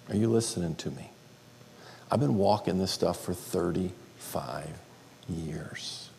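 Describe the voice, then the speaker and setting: A middle-aged male pastor preaching a sermon, swinging between loud exclaiming and whispered asides. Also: deep voice, measured pace, vocal fry, slight background noise. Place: church sanctuary. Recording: long hall reverb.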